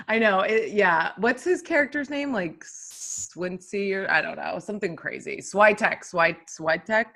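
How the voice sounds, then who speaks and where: Bright-voiced bubbly woman chatting. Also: mid-range voice, animated, creaky. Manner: bubbly, laughs often, quick asides. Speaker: podcast co-host. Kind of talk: casual film chat.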